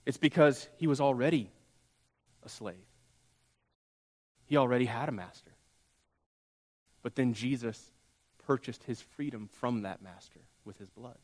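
A man preaching a sermon as pastor, telling a story with dramatic pauses and soft drops. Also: medium pitch. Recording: long hall reverb.

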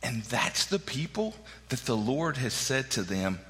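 Preacher man, lively and bright. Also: medium pitch, a little slow. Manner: conversational preaching with frequent "right?" asides. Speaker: pastor. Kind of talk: sermon. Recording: long hall reverb.

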